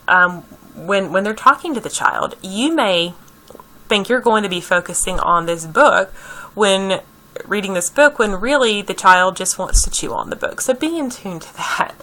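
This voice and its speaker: A woman's voice: mid-range voice, pushed and bright, low-quality recording. A woman giving a conversational lecture on early childhood, repeating key points and checking in with her listeners.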